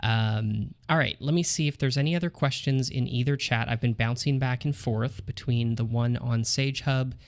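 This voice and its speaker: Guy with a gravelly creaky voice, laid back, reading chat comments on a live q&a. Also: medium pitch, normal speed, few pauses. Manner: relaxed, chatty, frequent ums and laughs. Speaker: co-host reading viewer questions.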